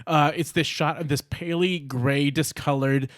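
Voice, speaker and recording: A man co-hosting a casual podcast about a movie, talking animatedly and laughing often, speeding up in excited bursts. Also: fairly high pitch, a little slow, dry recording, studio quality. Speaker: podcast co-host.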